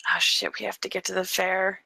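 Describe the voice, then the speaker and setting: Woman player asking brisk questions, dry sound. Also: medium pitch, completely flat delivery, creaky, sharp tone, breathy edge, no echo. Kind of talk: tabletop role-play.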